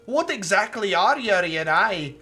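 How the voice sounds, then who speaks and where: A streamer voicing a young male game hero in a rough old sea-captain voice with a put-on Scottish-tinged pirate accent, reading slowly and loudly. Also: mid-range voice, expressive, voice pushed up. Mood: dramatic. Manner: loud, slow, dramatic storybook reading.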